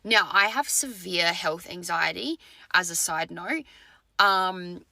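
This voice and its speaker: A woman's voice: lowish voice, animated, slow pace, gravelly, pushed and bright, no echo, clean studio sound. A woman, a retail worker, retelling a run-in with a customer in an indignant, emotional storytime clip.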